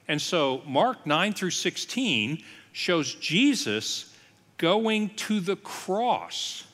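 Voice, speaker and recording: Male pastor, sermon-style teaching, lively storytelling with asides, bright tone, long hall reverb. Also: a little high.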